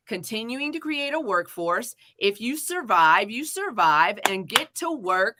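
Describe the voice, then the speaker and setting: A woman's voice: medium pitch, sharp tone. A woman hosting a live-streamed talk show, talking in a heated, swearing rant before turning to her guest. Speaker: podcast host.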